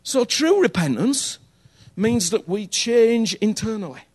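A man's voice: high-pitched, expressive, measured pace, darkish tone, breathy edge. A man preaching a sermon in a conversational, earnest way, often checking in with his listeners and repeating phrases for emphasis.

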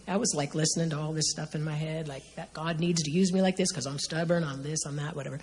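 A woman telling an animated personal testimony as a guest, laughing often and rushing through her story. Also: sits low. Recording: reverberant hall, faint background noise.

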